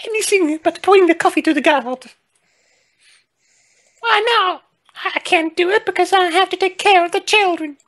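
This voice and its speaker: A woman voicing a shrill, fussy woman in a game, with a put-on French accent. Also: normal speed, long pauses, a bit bright. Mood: flustered. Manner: high strained put-on voice breaking into laughter.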